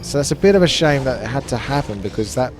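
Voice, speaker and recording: A man's voice: medium pitch, animated, quick pace, soft background music. A man casting a live strategy game match, chatty and analytical. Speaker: esports caster.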